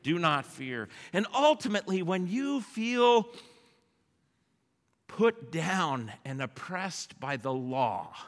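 A pastor preaching a sermon, leading his congregation in a repeated refrain. He swings between loud rallying calls and hushed, quiet lines. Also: sits high, lively intonation, takes it slowly. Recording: echoey church hall.

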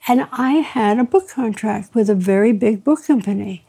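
Husky warm-voiced woman telling stories. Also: fairly high pitch, normal speed. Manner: lively raconteur, mimics dialogue, laughs often. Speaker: author being interviewed. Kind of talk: anecdotal storytelling.

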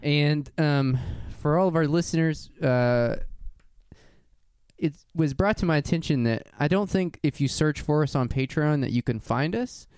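A man's voice: on the high side, a little slow, a little mellow, clean tone, dry recording, studio quality. A man hosting a podcast, talking loosely and rambling, laughing often. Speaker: podcast host. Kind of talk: casual podcast chat.

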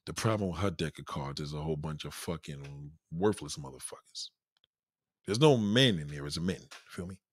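A man hosting a casual livestream, riffing loudly and acting out quoted voices, reading chat names aloud. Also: very deep voice, normal speed, husky, dry recording. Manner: loud, animated riffing, acts out quoted voices. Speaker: livestream host.

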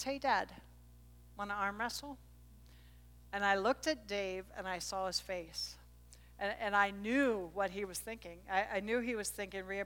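A middle-aged woman preaching a sermon, telling a family story with animated energy that jumps up at the high points. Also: clean tone. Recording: reverberant hall.

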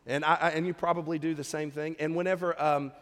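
A man's voice: a little high, little pitch movement, fast talker, fairly bright tone. A man preaching a sermon as pastor, conversational, full of rhetorical questions to the congregation. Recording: long hall reverb.

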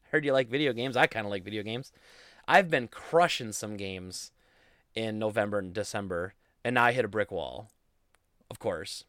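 A man's voice: lowish voice, moderate pace, fairly bright tone, dry recording. A young man hosting a casual solo podcast, rambling in a goofy, self-deprecating way into a studio mic. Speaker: podcast host.

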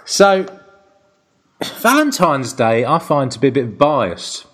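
British man, husky voice, casual chat, animated storyteller. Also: medium pitch, slow. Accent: British English. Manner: animated, laughing storyteller, swears freely.

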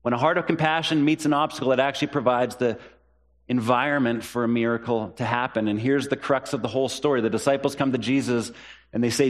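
Male pastor, sermon delivery, earnest, repeats lines, mid-pitched voice. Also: fairly even intonation, fast talker. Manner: earnest, repeats key phrases for emphasis; rises in pitch when voicing the disciples' questions.

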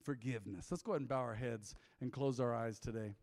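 A middle-aged man preaching as a pastor, telling a confessional story with jokes, then leading an altar call, his voice swinging from loud to hushed. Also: medium pitch, fast talker. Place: church sanctuary. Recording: long hall reverb.

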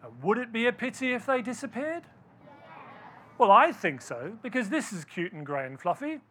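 A man with a high, bright voice gives a live storytelling talk. He questions the audience directly and animates the story as he goes. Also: very animated, moderate pace, slight background noise.

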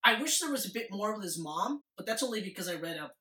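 A woman's voice: mid-range voice, big pitch swings, fast talker, pushed and bright, reverberant, far from the mic, low-quality recording. A woman with a sick voice chatting enthusiastically about a movie, swearing casually as she co-hosts. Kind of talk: casual movie review chat.

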